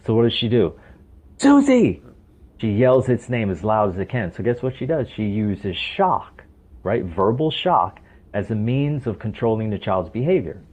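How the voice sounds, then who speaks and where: The stress coach's voice now sits on the low side, slightly mellow and animated, at a moderate pace. He keeps explaining with emphasis and tossing out rhetorical questions as a podcast guest, still heard through a thin, phone-like connection.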